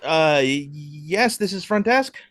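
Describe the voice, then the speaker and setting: A man's voice: on the high side, animated, takes it slowly, a bit bright, dry recording, voice pushed up, exaggerated voice. A jittery young hotel clerk stammers and trips over his words in a raised, anxious voice, as a man plays him in a tabletop game. He sounds flustered and eager to please. The sound is dry and close. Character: nervous young male hotel assistant manager.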